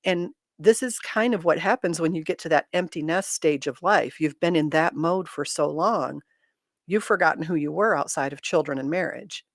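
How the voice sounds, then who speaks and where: A woman's voice: deep voice, normal speed, dry recording, clean studio sound. A middle-aged woman hosting a casual livestream chat, speaking candidly with self-deprecating humor and reading viewer comments aloud.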